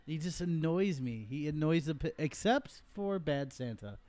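A man's voice: fairly high pitch, lively intonation, normal speed, a little mellow. A young man co-hosting a casual podcast chat in a laid-back, joking way, swearing now and then. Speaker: podcast co-host.

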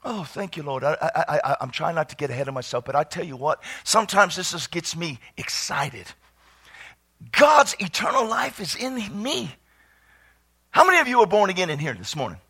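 Fervent high-voiced preacher, shouting praise. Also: male voice, husky. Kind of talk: sermon.

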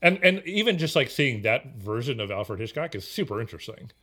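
A man's voice: mid-range voice, big pitch swings, a little fast, pushed and bright. A man co-hosting a casual film podcast, rambling with many fillers and restarts. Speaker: podcast co-host.

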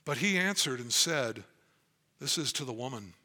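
Bright-voiced man preaching earnestly. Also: medium pitch, lively intonation, moderate pace. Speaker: pastor. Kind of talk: sermon.

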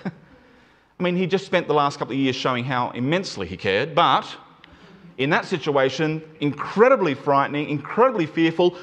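Animated man preaching with lively pitch. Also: moderate pace. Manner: animated, emphatic, shifts pace and pitch for emphasis. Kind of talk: sermon.

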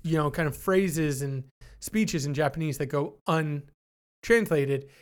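A man's voice: on the high side, takes it slowly, clean tone. A man co-hosting a podcast, talking things through in a thoughtful, hedging way with many restarts. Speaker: podcast co-host. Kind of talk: casual discussion.

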